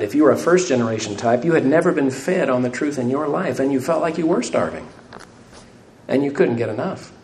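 A man's voice: mid-range voice, darkish tone. A man preaching a sermon, asking the congregation rhetorical questions and adding light self-deprecating humor. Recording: echoey room, faint room noise.

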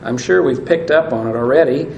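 A man's voice: mid-range voice, fairly quick, vocal fry. A man preaching a sermon, reading scripture aloud and asking his listeners questions. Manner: asks the audience questions, reads scripture aloud. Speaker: pastor. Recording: echoey room with faint noise.

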